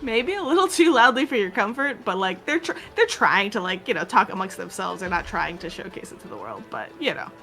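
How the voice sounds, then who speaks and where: A woman's voice: mid-range voice, animated, fairly quick, few pauses, sharp tone, soft background music. A woman narrating a tabletop game as game master, rambling loosely with many "like"s and "um"s. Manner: rambling, full of "like" and "um".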